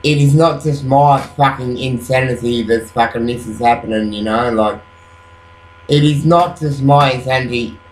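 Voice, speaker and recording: A man's voice: medium pitch, normal speed. A man rambling at night into his webcam, agitated, swearing constantly and filling gaps with "you know". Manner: rambling, profane, agitated, full of fillers. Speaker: vlogger. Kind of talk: rambling late-night monologue. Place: at home at night after waking up. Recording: roomy echo.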